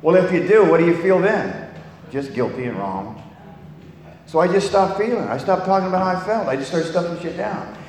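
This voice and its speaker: An older Californian man shares his recovery story as personal testimony, blunt and candid, swearing freely and often restarting his sentences. His voice is high-pitched, animated, fairly quick and a little mellow. The recording is from an echoey hall with long reverb and faint noise.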